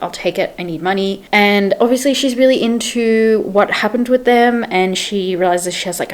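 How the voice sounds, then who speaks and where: Young woman book vlogger, chatty and rambling, retells plots with quoted lines, mid-pitched. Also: darkish tone. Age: young adult. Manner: chatty, retells scenes in quotes, says "like" often. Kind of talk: casual book review chat.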